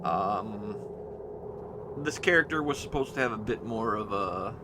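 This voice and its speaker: A man's voice: lowish voice, animated, a little slow, background noise. A man recapping his tabletop campaign as game master, rambling and hesitant with many fillers and restarts.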